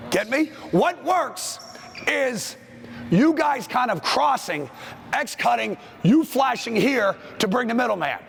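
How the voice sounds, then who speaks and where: High, gravelly-voiced basketball coach barking drills. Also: male voice, animated, fairly bright tone, slight background noise. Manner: brisk commands, calls out plays. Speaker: basketball coach leading a clinic. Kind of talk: on-court coaching drill instruction. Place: school gym.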